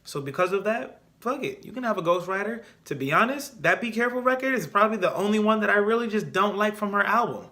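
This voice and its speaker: A young man talks through his takes on a casual solo podcast, opinionated and animated, circling back to hammer his points home. His voice sits a little high for a man and comes across bright and forceful. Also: fast, hardly any pauses. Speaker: podcast host.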